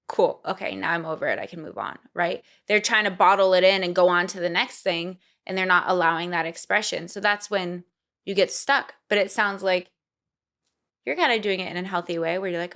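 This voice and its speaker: Animated young woman, podcast guest. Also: medium pitch, fairly quick. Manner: animated, acts out quoted inner voices, says "like" often. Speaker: podcast guest, singer and actor. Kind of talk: casual podcast conversation.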